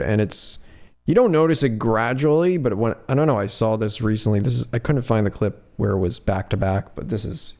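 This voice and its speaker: A man's voice: medium pitch, a little mellow. A man co-hosting a podcast, talking loosely and hesitantly with many fillers. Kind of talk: casual commentary chat.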